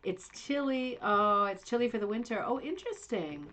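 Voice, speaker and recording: A woman's voice: a little high, expressive, normal speed, a bit bright. A middle-aged woman hosting a casual livestream chat from home, chatty, rambling and self-deprecating. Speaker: livestream host. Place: home, Indiana.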